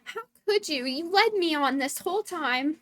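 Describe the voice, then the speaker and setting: A woman voicing a lovestruck young man who shouts in anguish at his sweetheart. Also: high-pitched, animated, moderate pace, pitched above the performer's own voice. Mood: betrayed.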